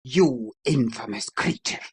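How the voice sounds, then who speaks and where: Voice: medium pitch, lively intonation, slow pace, husky, voice pushed down, heavily acted. A reader voicing a raging jealous husband. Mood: enraged. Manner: furious, shouting insults. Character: enraged jealous husband, middle-aged man. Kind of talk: audiobook character reading.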